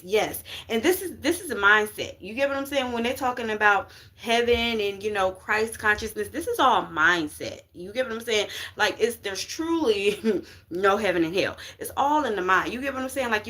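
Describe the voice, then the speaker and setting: A woman's voice: mid-range voice, a bit bright. A woman giving a casual tarot reading on a live stream, preachy and uplifting, full of call-and-response and slang. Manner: call-and-response, repeats "you get what I'm saying". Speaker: spiritual reader on a live stream.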